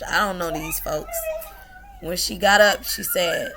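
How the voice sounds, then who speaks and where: A woman's voice: medium pitch, huge pitch swings, slow, pauses often, background noise. A young woman telling a personal story to the camera, emotional and laughing, at times tearful. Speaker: vlogger.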